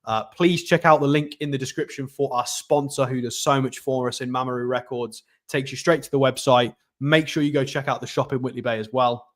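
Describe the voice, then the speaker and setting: A man hosting a live football watchalong, chatty and excitable, reading out and thanking viewer messages. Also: medium pitch, brisk, hardly any pauses. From North East England. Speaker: football channel host. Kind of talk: live match watchalong commentary.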